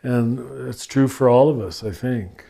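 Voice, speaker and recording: Older male spiritual teacher, podcast guest, gentle and unhurried, mid-pitched voice. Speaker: spiritual teacher answering listener questions. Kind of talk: reflective podcast conversation.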